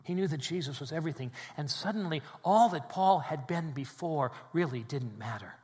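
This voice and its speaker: A man preaching a sermon in a church, swinging between loud emphatic peaks and quiet, low drops. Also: expressive, moderate pace, in a large hall. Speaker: pastor. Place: church sanctuary with congregation.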